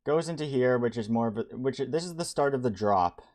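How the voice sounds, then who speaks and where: A young man streaming as he builds a game level, talking casually in a halting way with many restarts and fillers. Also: medium pitch, lively intonation, darkish tone. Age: young adult. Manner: halting, many restarts and ums, reads chat aloud. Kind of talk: casual live-stream talk.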